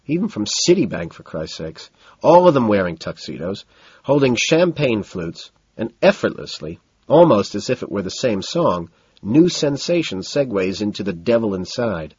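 A male narrator reads a first-person story in a cool, detached way, cataloguing details one after another. His voice is husky but moves lively in pitch. The recording is dry and a little dull. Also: normal speed, no echo.

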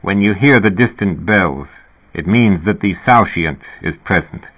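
Calm solemn mentor, read by a man, low voice, measured, audiobook, phone-like narrow sound. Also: breathy edge.

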